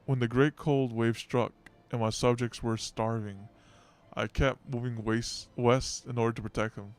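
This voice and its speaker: A man's voice: mid-range voice, fairly even intonation, unhurried, clean tone, faint music behind, lightly acted. A man voicing an aging giant beast-tsar in a game story, reading in a grave, solemn way. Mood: brooding.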